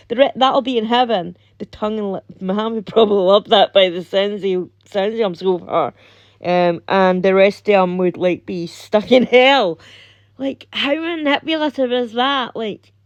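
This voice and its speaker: A woman's voice: a little high, no echo, highs cut off. A young adult woman with a Scottish accent giving casual reaction commentary, rambling with restarts and laughs. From Scotland. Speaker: reaction video host.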